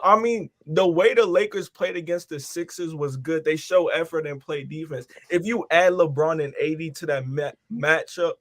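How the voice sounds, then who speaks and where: A man's voice: on the high side, no room sound. A man in a casual basketball debate, talking conversationally with fillers. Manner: conversational, uses fillers like "like" and "I mean". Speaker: sports podcast co-host.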